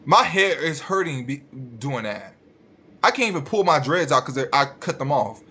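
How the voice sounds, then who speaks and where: A man's voice: a little high, big pitch swings, moderate pace, sharp tone, husky. A young man, a registered nurse, ranting bluntly and profanely straight at his viewers.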